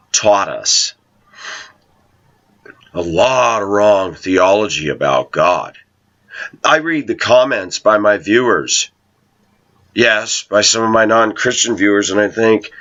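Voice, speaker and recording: A man's voice: lowish voice, bright, forceful tone, lo-fi sound. A middle-aged man giving a casual preaching monologue, telling stories, asking rhetorical questions and laughing often. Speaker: online Christian commentator.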